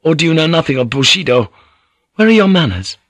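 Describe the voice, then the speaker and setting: A man playing a disguised man who acts as a lofty priest, scolding in an indignant, superior tone. His voice is dry and close, slightly raised above a low base. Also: a little fast, fairly bright tone, slightly rough, no echo. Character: nervous disguised man posing as a haughty priest.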